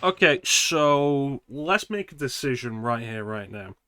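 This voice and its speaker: A man's voice: mid-range voice, animated, unhurried, pushed and bright, smooth. A man streaming a horror game, chatting casually with his audience and making sarcastic jokes. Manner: joking, sarcastic asides. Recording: noisy stream audio.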